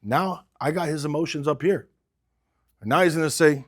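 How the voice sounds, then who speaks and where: A man's voice: fairly high pitch, fairly quick. A man coaching car salespeople, talking with energy and urgency and acting out sales calls. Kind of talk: sales training talk.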